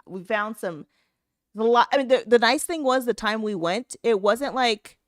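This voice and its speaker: A podcast co-host with a voice on the high side tells stories in a casual, animated chat, laughing often. She speaks at a moderate pace, and the recording is dry with clean studio sound.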